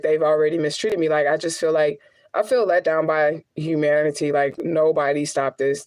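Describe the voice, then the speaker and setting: A woman's voice: sits low, darkish tone, poor audio. A middle-aged woman and spiritual medium, talking straight to her viewers in a raw, rambling, profane vlog monologue. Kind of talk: emotional direct-to-camera monologue.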